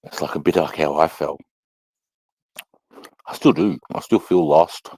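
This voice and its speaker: A man's voice: rumbling low, measured pace, vocal fry, warm tone, no echo, rough recording. A middle-aged Australian man rambling casually to camera, swearing freely and sighing between thoughts. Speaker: vlogger.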